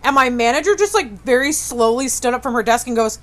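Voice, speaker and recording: A woman's voice: a little high, animated, fairly quick, fairly bright tone. A young woman co-hosting a casual podcast, rambling, restarting her sentences and swearing casually. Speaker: podcast co-host.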